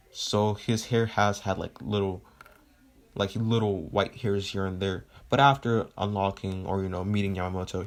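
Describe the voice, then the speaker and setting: Rambling young-sounding guy, low voice. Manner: rambling, lots of fillers, swears. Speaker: fan storyteller. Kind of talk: casual fan retelling.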